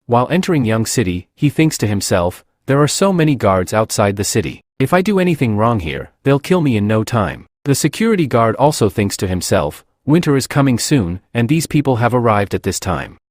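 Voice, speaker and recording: A man's voice: medium pitch, sing-song, fairly quick, dry recording, clean studio sound. A man narrating a comic recap, reading every character's lines in his own voice.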